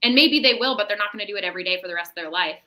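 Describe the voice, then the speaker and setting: A woman's voice: mid-range voice, racing, sharp tone, poor audio. A woman, a mental health professional, giving parenting advice in a casual podcast chat, often checking in with "right?". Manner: explanatory, tags statements with "right?".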